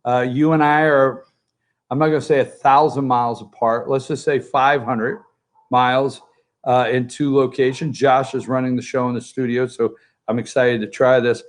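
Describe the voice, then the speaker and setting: A man hosting a political opinion show from home by a pool, remote from the studio, talking in a sarcastic, jokey and animated way. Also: medium pitch, moderate pace. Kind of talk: opinionated talk-show commentary.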